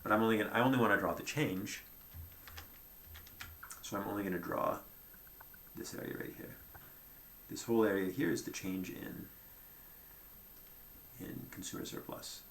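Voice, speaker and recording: Guy lecturing, kinda gravelly low voice, chatty, lots of "right?", echoey room. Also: moderate pace, long pauses, a bit bright, slight background noise. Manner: conversational, thinking aloud with frequent "right?" and "um". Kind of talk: whiteboard economics lecture.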